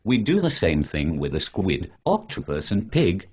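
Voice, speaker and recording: A sarcastic, preachy male superhero from an animated short, spoken by a computer voice. He is very deep and rough-edged and lectures in long lists. His pitch jumps around a lot. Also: measured pace, full character voice. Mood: lecturing. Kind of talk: synthetic animated dialogue.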